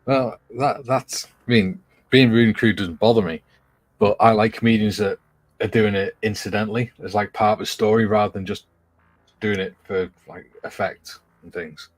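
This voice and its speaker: A man co-hosting a casual chat, relaxed and thinking aloud, with a dry sense of humour. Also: lowish voice, normal speed, dry recording.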